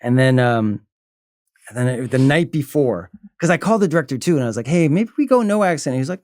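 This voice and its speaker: A middle-aged man, a guest actor, telling an animated story in casual chat and acting out the voices he quotes. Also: medium pitch, quick pace, dry recording, studio quality. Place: livestream podcast.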